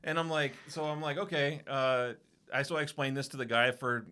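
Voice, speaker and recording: A man telling a profane, animated story on a casual podcast, acting out what everyone said. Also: medium pitch, a little fast, smooth. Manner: profane, animated anecdote-telling with acted-out quotes. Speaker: podcast co-host.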